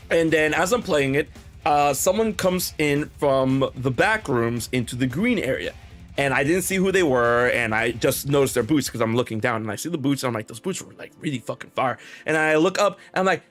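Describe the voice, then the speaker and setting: A young man with a fairly high voice tells a long story on a casual podcast. He rambles with many restarts and plays out every line of quoted dialogue. Faint music sits under his voice. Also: a bit bright. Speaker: podcast host.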